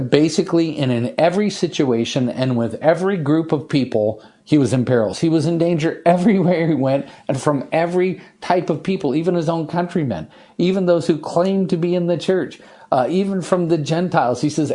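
A man preaching an expository sermon, earnest and emphatic, slowing down to stress the scripture he reads. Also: mid-range voice, warm tone. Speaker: pastor.

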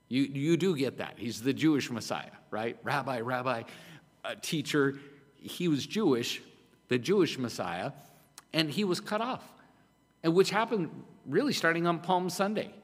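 Emphatic male preacher in a reverberant hall. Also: a little high. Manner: emphatic, conversational preaching with rhetorical questions. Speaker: pastor. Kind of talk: sermon.

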